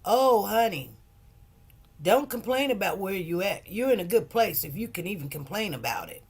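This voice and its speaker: A woman's voice: mid-range voice, sing-song, normal speed, husky. A middle-aged woman hosting a casual livestream, telling stories and preaching in an emphatic, heartfelt way. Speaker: livestream host.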